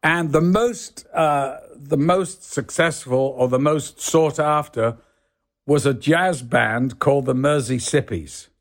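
An older English man with a soft northern Yorkshire accent, a guest actor telling rambling stories in casual chat, full of "you know"s. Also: medium pitch, slow. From England. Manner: rambling storyteller, many "you know"s, does voices in quotes.

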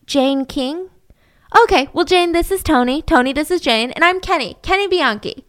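A woman's voice: high voice, expressive, normal speed, a bit bright, dry recording, studio quality, voice pushed up. A woman voicing a young man who chats up a stranger in an eager, friendly way, with stammers. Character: smooth-talking young man charming a stranger.

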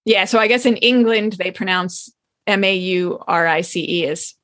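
A woman's voice: mid-range voice, normal speed, fairly bright tone, dry recording. A woman co-hosting a podcast, chatting casually and retelling stories with acted-out quotes. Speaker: podcast co-host. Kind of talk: casual chat.

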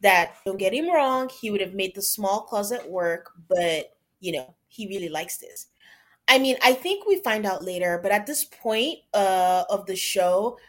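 A woman co-hosting a podcast gives a casual, animated recap of a reality show, quoting the cast in playful put-on voices. Her medium-pitched voice has lively intonation and moves a little slowly.

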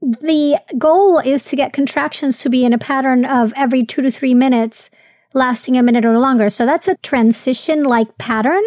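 A woman with a high, light voice hosts a podcast interview. She responds with empathy and explains things in a measured, clear way. The sound is dry and close to the mic. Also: darkish tone, no room sound. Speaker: podcast host.

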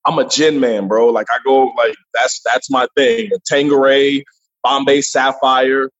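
Husky animated comedian, remote line. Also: male voice, medium pitch, unhurried, muffled recording. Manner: animated, profane, jumps into voices. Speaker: comedian guest. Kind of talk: casual interview chat.

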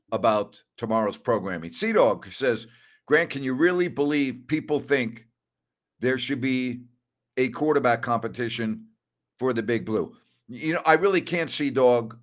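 Older guy doing sports talk radio solo, fired-up rhetorical questions, reads listener questions, mid-range voice. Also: medium pitch. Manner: emphatic, rhetorical questions, ranting.

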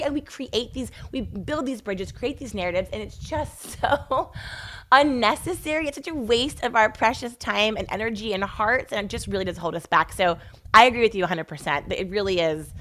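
A woman hosting a podcast interview, telling stories in an animated, emphatic way. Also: medium pitch, moderate pace. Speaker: podcast host. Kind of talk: casual interview chat.

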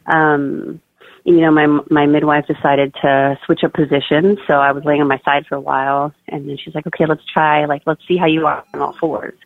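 A woman's voice: deep voice, level tone, moderate pace, gravelly, dry recording. A young woman chatting casually as a podcast guest, full of fillers like "like" and "oh my God.". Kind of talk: casual birth-story interview. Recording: dry tinny phone-like line.

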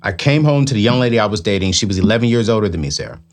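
A middle-aged man in relaxed conversation whose voice rises and falls in lively swings. He leans hard on his points and circles back to phrases to drive them home. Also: on the low side, rapid-fire, a little hiss or hum. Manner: animated, emphatic, repeats himself for effect. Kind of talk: casual chat.

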